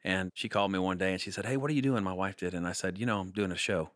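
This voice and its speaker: A man in his thirties telling family stories in a casual interview, animated and full of jokes. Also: low-pitched, rapid-fire, no echo, clean studio sound. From Kansas, United States. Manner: animated, jokey storyteller. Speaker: singer-songwriter guest.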